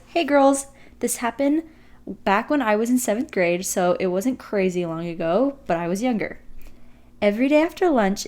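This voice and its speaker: A woman's voice: medium pitch, darkish tone. A woman co-hosting a podcast, telling stories and reading a listener's submission in a casual way, often breaking into giggles. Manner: giggly, bursts into laughter. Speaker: podcast co-host. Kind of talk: casual storytelling.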